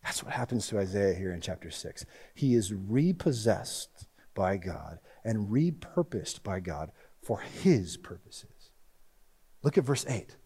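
A man preaching a sermon as pastor, swinging between loud emphatic lines and hushed ones. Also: lowish voice, very animated, unhurried, breathy edge. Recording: long reverb of a large hall.

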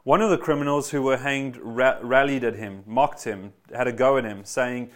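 A man's voice: mid-range voice, steady tone, moderate pace, hardly any pauses, fairly bright tone. A man preaching a sermon, earnest and emphatic, repeating key phrases and speaking directly to his congregation. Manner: eager, addresses congregation directly.

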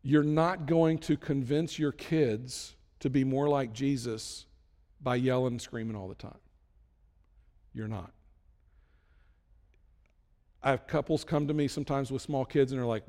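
A man preaching a conversational sermon as a pastor, emphatic, with sudden loud bursts. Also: medium pitch, fairly even intonation, normal speed, in a large hall.

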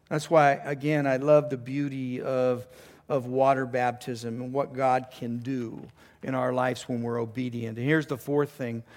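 A middle-aged man, a pastor preaching a conversational, enthusiastic sermon with restarts and throat-clearing. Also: a little high.

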